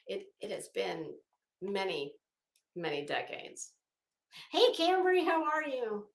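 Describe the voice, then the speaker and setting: A middle-aged Florida woman with a Southern Florida accent hosts a casual livestream, talking frankly, swearing freely and greeting viewers by name. Her medium-pitched voice swoops wildly, and she speaks slowly with long pauses in a roomy-sounding space.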